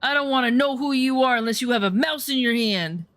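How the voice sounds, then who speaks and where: A woman's voice: high voice, a little fast, a bit bright, no echo, voice pushed up. A woman voicing a grumpy, sleepy male pet owl who talks down to people in a haughty, dismissive way.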